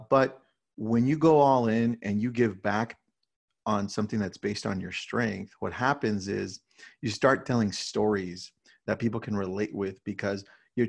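This man leads a real estate team and talks casually in an interview, his fairly low voice gravelly. He tells energetic stories, tagging lines with "right?" again and again.

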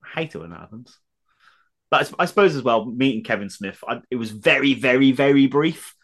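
Male co-host, laughs a lot, very lively intonation. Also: mid-range voice, fairly quick, husky. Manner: laughing often, animated storyteller. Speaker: podcast co-host. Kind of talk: casual chat.

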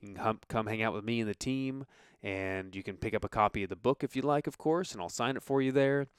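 A man's voice: lowish voice, fast, clear, resonant tone, dry recording. A man hosting a podcast, talking casually and upbeat, rambling with fillers into a close mic. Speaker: podcast host.

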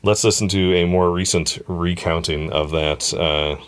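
Man, lower voice, podcast host, casual, chatty. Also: steady tone, unhurried, clean tone. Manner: easygoing, chatty, fillers and restarts.

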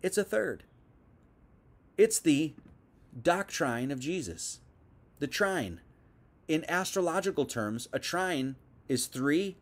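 A young man leads a loose, talky Bible lesson in a slightly higher-than-usual voice. He wanders into asides and restarts, teaching as if chatting with viewers on a livestream. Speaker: preacher. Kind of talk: casual teaching sermon.

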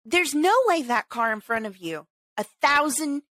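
Brief: high-pitched woman podcast host, exasperated, animated ranting, close dry mic. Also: moderate pace, no room sound. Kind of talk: casual chat.

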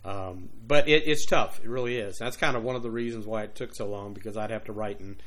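A man's voice: fairly low pitch, a little fast, a bit bright. An older man from Louisiana with a Cajun accent, talking through an interview as a guest author, rambling with many restarts. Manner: rambling, many restarts, playful put-on voices. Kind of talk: casual interview chat.

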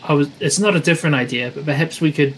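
A player in a tabletop game, speaking gently and hesitantly. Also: mid-range voice, fast talker, slight background noise. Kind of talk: casual tabletop play.

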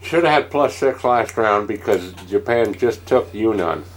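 A man's voice: lowish voice, animated, measured pace. A man in a casual chat over a board game, blunt, swearing freely and arguing the rules.

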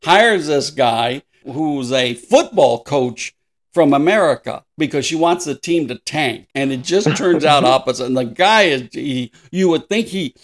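Casting: older man in his sixties, podcast co-host, upbeat and a bit high-pitched, laughs a lot, bouncy intonation. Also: expressive, measured pace. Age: 60s. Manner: laughs often, acts out voices in anecdotes. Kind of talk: casual podcast chat.

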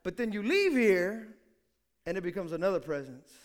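A male pastor preaching a lively sermon, acting out quotes and swinging from hushed asides to shouted calls. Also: sits high, normal speed.

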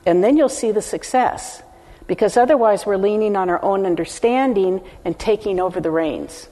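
A woman's voice: mid-range voice, normal speed, dark tone. An older woman teaching a sermon, earnest and emphatic, speaking straight to her listeners. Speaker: preacher. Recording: long hall reverb.

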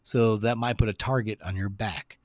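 A man co-hosting a podcast, chatting casually in a blunt, animated way. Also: normal speed, noisy background. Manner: animated, blunt, jumps up in pitch when worked up. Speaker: podcast co-host. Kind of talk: casual chat.

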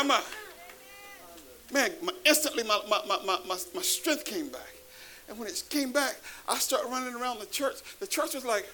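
A man preaching a sermon to a live congregation, animated, calling out to the audience and rising to shouts. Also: extremely high pitch, normal speed, some chatter behind, slight background noise, rough recording. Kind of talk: sermon with testimony. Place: church before a live congregation.

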